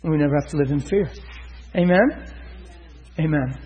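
A man's voice: on the high side, normal speed, a little mellow, lo-fi sound, a little hiss or hum. A man preaching a storytelling sermon, acting out the dialogue with laughter.

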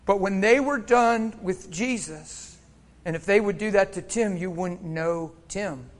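A man from Pennsylvania preaching a sermon, swinging from shouts down to hushed near-whispers and laughing often as he talks. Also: sits high, a little slow.

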